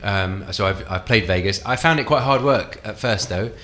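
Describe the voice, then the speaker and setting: A British man from England, a comedian being interviewed on radio, who talks in halting starts and repeats himself. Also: fairly low pitch, pushed and bright, a little hiss or hum. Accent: British English. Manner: hesitant, restarts and repeats words. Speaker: guest comedian and ventriloquist. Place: radio studio.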